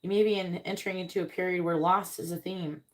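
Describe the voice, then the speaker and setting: A woman doing a casual live tarot reading, reading card meanings aloud and speaking bluntly, with swearing and quick comic voices. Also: on the low side, steady tone. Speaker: tarot reader on a live stream.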